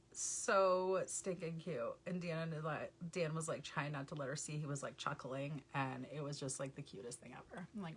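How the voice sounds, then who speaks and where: Mom makeup vlogger, live chat, low-pitched but sharp and bright, laughs a lot, greets viewers. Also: female voice, moderate pace, slightly rough.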